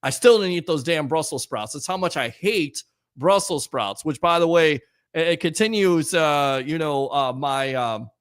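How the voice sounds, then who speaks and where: Animated man in his forties hosting. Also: fairly high pitch, normal speed, smooth, no echo. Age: 40s. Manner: animated storyteller, loud and playful. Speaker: host. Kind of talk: casual sports talk.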